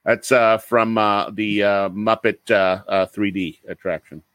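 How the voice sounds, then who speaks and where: A man playing as a contestant in a casual podcast quiz game, hesitant and excitable, full of fillers. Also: on the low side, unhurried, dry recording.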